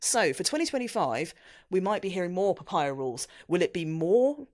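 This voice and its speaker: A woman co-hosting a casual podcast, chatty and quick to laugh as she explains things. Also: fairly low pitch. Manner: chatty, lively, laughs often. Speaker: podcast co-host.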